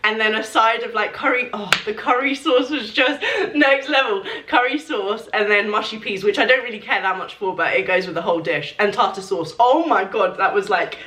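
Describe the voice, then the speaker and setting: A woman's voice: medium pitch, a little fast, hardly any pauses, fairly bright tone. A woman answering questions in a casual Q&A vlog, chatty and rambling, full of fillers. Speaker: fitness vlogger answering questions. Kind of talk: casual Q&A chat. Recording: echoey room, mic at a distance.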